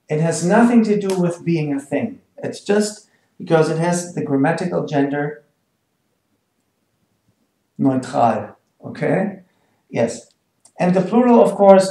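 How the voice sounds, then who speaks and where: A man teaching a language lesson, talking slowly and patiently with a mellow, darker tone. He repeats each example and chuckles now and then. The room around him is echoey. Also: on the high side. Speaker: German teacher.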